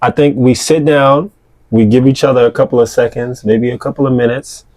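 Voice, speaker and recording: A young man chatting with his partner as co-host, speaking in an easygoing, halting way with many fillers. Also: medium pitch, fairly even intonation, a little mellow. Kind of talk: casual couple's chat.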